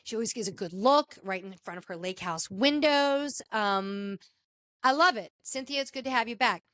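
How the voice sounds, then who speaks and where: A woman hosting a casual podcast, recapping a reality show finale in a gossipy, animated way and acting out the cast's lines. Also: fairly high pitch, moderate pace, clean tone, no echo, clean studio sound. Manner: animated, gossipy, acts out quotes. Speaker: podcast host. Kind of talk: casual pop-culture recap.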